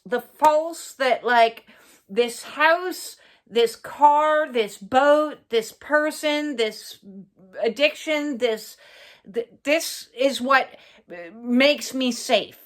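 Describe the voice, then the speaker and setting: A woman giving an earnest, reflective personal monologue for her own channel. She pauses often, fills gaps with "uh" and swears bluntly for emphasis. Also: high-pitched. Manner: earnest, halting, many fillers and pauses. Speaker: spiritual channel host.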